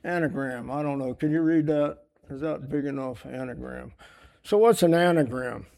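A man's voice: mid-range voice, moderate pace, creaky, a little mellow. A man preaching a sermon earnestly, asking his listeners question after question and teaching from a board. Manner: earnest, asks rhetorical questions; writes on a board while teaching.

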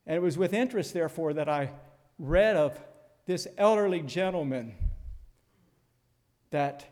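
An older man preaching a sermon in a measured, earnest way, pausing deliberately and reading scripture aloud. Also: a little high, lively intonation, a little mellow, big-room sound.

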